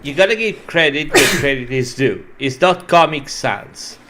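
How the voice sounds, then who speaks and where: A man chatting as a stream guest, halting at first, then swearing for emphasis. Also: a little high, animated, heavy background noise. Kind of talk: casual chat.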